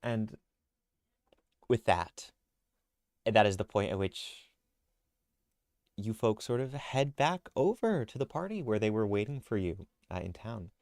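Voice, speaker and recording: A man narrating as game master of a tabletop game, relaxed and loose, with many fillers. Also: on the low side, a little slow, long pauses, no echo, studio quality.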